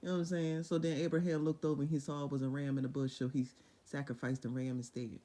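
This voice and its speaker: A woman's voice: extremely low pitch, flat delivery, fast talker, mellow. A young woman casually retelling Bible stories with lots of profanity, laughter and voiced quotes.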